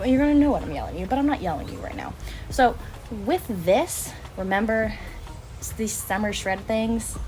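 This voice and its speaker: A woman's voice: on the high side, a little mellow, slight background noise, low-quality recording. Chatty, blunt young woman vlogger. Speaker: fitness vlogger. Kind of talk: casual vlog talk to camera.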